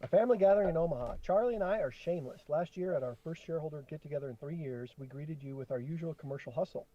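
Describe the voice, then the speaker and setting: A middle-aged man co-hosting a podcast with his son, reading a letter aloud slowly and chatting between passages. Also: a little high, warm tone. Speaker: podcast co-host, father. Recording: dull lo-fi sound.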